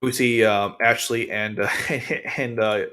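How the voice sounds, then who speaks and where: A man's voice: lowish voice, little pitch movement, unhurried, bright, forceful tone, smooth. Rambling man recapping an anime episode. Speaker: anime reviewer and channel host. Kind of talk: casual episode commentary over video.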